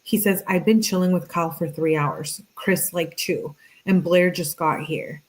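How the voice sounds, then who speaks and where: A woman's voice: fairly low pitch, a little slow. A young adult woman reading out text messages between two people, adding sarcastic commentary as a true crime host. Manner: reads both sides flatly, interjects sarcastic asides.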